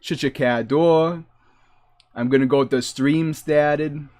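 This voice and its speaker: A man voicing a gruff male local with a thick Boston accent who barks blunt orders. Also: fairly high pitch, steady tone, slow, a little mellow, no room sound. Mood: bossy.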